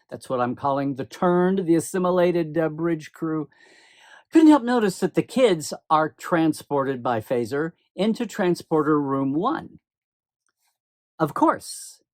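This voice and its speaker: A man's voice: fairly high pitch, dry recording, studio quality. A man hosting his own commentary show, talking casually and enthusiastically with asides. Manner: chatty, enthusiastic, with asides and quick laughs. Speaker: host of a fan commentary channel. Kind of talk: casual spoken commentary to camera.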